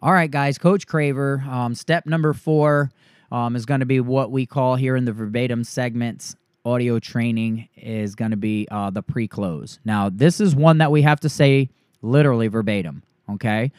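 A man's voice: steady tone, normal speed, darkish tone, clear, resonant tone, no echo. Man coaching a sales script, dry. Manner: coaching, acts out the pitch to a homeowner.

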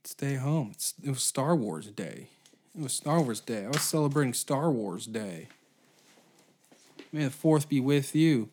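A man's voice: medium pitch, animated, unhurried, darkish tone, a little hiss or hum. A man hosting his own podcast, ranting sarcastically with heavy swearing, frequent stutters and restarts. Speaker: podcast host. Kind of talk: casual solo podcast rant.

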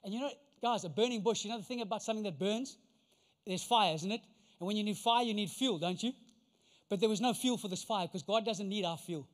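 A man's voice: high voice, a little fast. A man preaching a sermon as pastor, emphatic and full of rhetorical questions. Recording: long reverb of a large hall.

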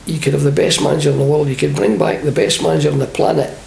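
Man, older, Scottish accent, gravelly, slightly high voice, animated storyteller, interview, echoey room, faint hiss. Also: fast. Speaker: interview guest, former football manager. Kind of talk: anecdotal interview chat.

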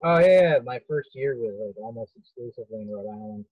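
A male comedian in casual chat, blunt and swearing often, with quick interjections. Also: mid-range voice, husky, no echo, lo-fi sound. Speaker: stand-up comedian.

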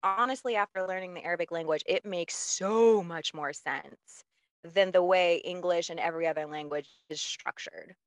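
A woman's voice: lowish voice, moderate pace, no room sound. A woman chatting as a podcast guest, telling stories animatedly with laughs. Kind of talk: casual chat.

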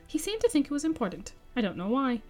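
A woman's voice: high-pitched, very animated, quick pace, faint music behind, pitched above the performer's own voice. A woman reading as a snarky old hobbit. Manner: snarky, cheeky. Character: spry elderly male hobbit poet, sharp-tongued. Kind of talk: audiobook-style reading of dialogue.

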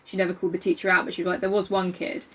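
A woman's voice: fairly low pitch, flat delivery, racing, husky. A woman co-hosting a casual podcast, swearing freely, laughing and acting out quoted lines as she tells stories. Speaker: podcast co-host. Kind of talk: casual podcast chat, reading and riffing on a novel.

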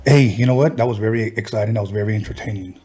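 A man's voice: fairly low pitch, racing, warm tone, slightly rough. A man hosting a podcast in a brash, profane, hyped-up way. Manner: brash, profane, hype promo delivery. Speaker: podcast host.

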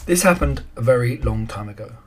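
A man reading a children's story aloud in a calm, even storytelling manner. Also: medium pitch, a little fast.

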